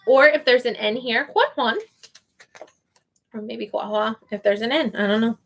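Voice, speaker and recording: Slow, higher-voiced woman sounding out names. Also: a bit bright. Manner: hesitant, sounding out names slowly. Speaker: online English teacher. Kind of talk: casual livestream chat.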